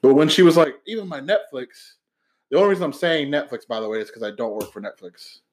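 A man's voice: mid-range voice, expressive, very fast. A young man co-hosting a podcast, telling stories in a laid-back way and swearing freely. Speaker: podcast co-host. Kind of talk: casual chat.

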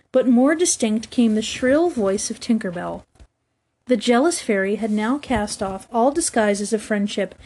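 A woman reading a classic children's story aloud as storybook narration, measured and even. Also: on the high side, husky. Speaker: audiobook reader.

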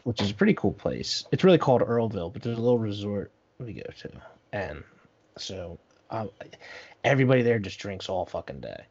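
A man's voice: on the low side, very animated, a little fast, a little mellow, husky, lo-fi sound. A young man telling a long story in casual chat, rambling and profane, full of fillers.

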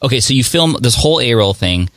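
A man hosting a podcast interview, talking in a conversational, halting way with many fillers. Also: mid-range voice, animated, a bit bright, no echo. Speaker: podcast host. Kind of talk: casual interview.

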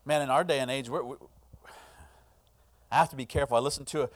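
A middle-aged male pastor delivering a sermon, swinging between hushed, earnest lines and loud, impassioned ones. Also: mid-range voice, steady tone, fast talker.

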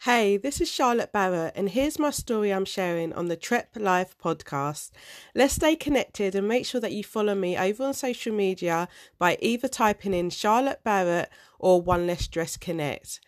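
A woman recording a motivational podcast promo in a measured way. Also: mid-range voice, lively intonation, dry recording, studio quality. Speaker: speaker and author.

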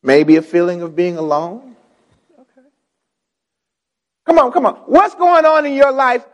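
High-voiced pastor preaching in a reverberant hall. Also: male voice, unhurried, dull audio. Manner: call-and-response preaching, repeats words, rising to shouts. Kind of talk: preaching a sermon.

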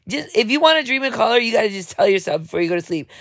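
A woman hosting her own show, telling a rambling comedic monologue in a dramatic, over-the-top way and jumping quickly between thoughts. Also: mid-range voice, lively intonation, fairly bright tone, no room sound, clean studio sound. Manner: talks fast, jumps between thoughts. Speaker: show host.

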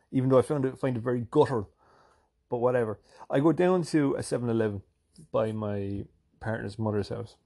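A man from Ireland with a softened Irish accent, rambling through a casual, profane, self-deprecating vlog monologue. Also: mid-range voice, vocal fry. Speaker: vlogger.

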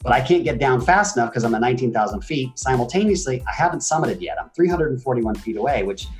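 A man in his forties speaks as an interview guest, his voice pitched in a middle range. He tells his stories with emphatic energy that rises and falls. Faint music plays beneath him. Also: quick pace. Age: 40s. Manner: animated, emphatic storytelling with swings in energy. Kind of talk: motivational interview talk.

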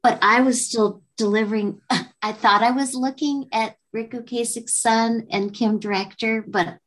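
A woman's voice: fairly high pitch, fairly even intonation, a little slow. A woman actress guest on a podcast, telling a personal story in a candid, rambling way and acting out what people said. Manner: candid, rambling, laughs often, acts out quotes. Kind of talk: casual storytelling chat.

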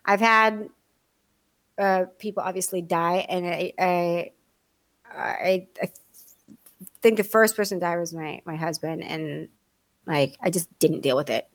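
A middle-aged woman chatting casually on a podcast, an animated storyteller who acts out the people in her stories and laughs often. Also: lowish voice, unhurried, pauses often, no echo. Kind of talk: casual chat.

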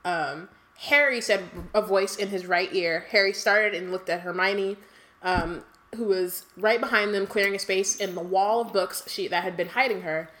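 A woman co-hosting a casual book podcast, reading passages aloud and riffing on them in an animated way. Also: medium pitch, normal speed. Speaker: podcast co-host.

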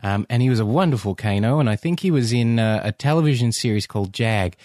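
A man's voice: on the low side, fairly quick, hardly any pauses, darkish tone, dry recording, clean studio sound. A man co-hosting a podcast, chatting casually and making playful, joking asides. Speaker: podcast co-host. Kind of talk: casual chat.

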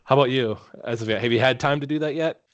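A man's voice: medium pitch, fast, no echo. A man from Minnesota co-hosting a podcast, telling everyday stories in an easygoing, casual way. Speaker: podcast co-host. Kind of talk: casual chat.

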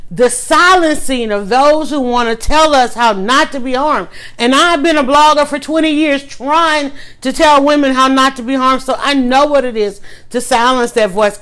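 A middle-aged woman talks straight to her audience in a casual vlog monologue. Her voice sits a touch high and grows emphatic, rising into heated outbursts as she rants. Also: fairly bright tone. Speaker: blogger.

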